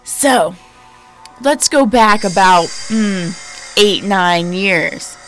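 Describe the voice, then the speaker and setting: A woman podcast host in her thirties tells a story in a lowered, spooky voice. She is chatty, emphatic and full of fillers. Soft music plays faintly behind her. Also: animated, extremely slow, low-quality recording. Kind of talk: casual storytelling.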